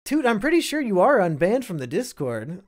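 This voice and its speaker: A man's voice: high voice, huge pitch swings, normal speed. A young man from Iowa hosting a casual live stream, reading and answering chat with sardonic, profane banter.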